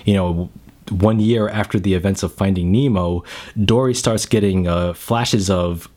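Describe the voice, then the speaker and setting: Guy doing a casual movie review vlog, lowish voice, keeps stumbling and repeating words, gets emotional, lots of "you know" and "man". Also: fairly even intonation, measured pace, dark tone. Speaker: film reviewer. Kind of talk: casual spoken film review.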